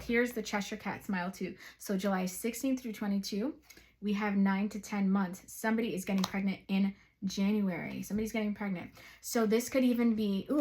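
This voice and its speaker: A woman gives a psychic tarot reading and talks directly to her viewers. She is chatty and excitable, breaking off into rambling asides before coming back to the cards. Her voice sits at an ordinary middle pitch. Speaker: psychic reader.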